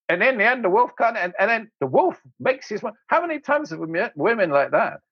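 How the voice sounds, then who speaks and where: A man, an interview guest, telling anecdotes in an animated way, laughing often and acting out voices. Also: high-pitched, brisk, few pauses, husky, no room sound, highs cut off. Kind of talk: anecdotal storytelling.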